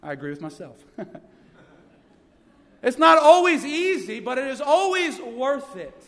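A man's voice: extremely high pitch, big pitch swings, a little slow, a bit bright. A young man, a youth pastor preaching a sermon with energy and funny stories. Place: church sanctuary. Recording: long reverb of a church hall.

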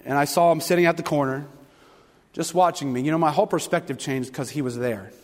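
A man preaching a sermon to a congregation, telling stories with animated, fervent delivery. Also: fairly high pitch, quick pace. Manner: animated storytelling, rising to loud fervent passages. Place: church sanctuary. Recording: long hall reverb.

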